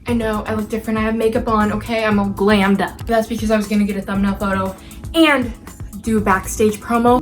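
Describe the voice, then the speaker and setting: A woman's voice: mid-range voice, fairly quick. Chatty young woman vlogging over music. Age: young adult. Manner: chatty, self-deprecating, bursts of excitement. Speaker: actress and vlogger. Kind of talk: casual vlog chat to camera. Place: in her room at home. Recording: music playing behind the voice.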